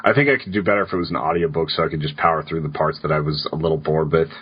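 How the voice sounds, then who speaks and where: A man's voice: extremely low pitch, racing, breathy edge. A man in his twenties co-hosting a podcast, rambling wryly with lots of fillers. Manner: rambling, filler-heavy, wry. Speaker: podcast co-host. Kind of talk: casual chat. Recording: dull lo-fi sound.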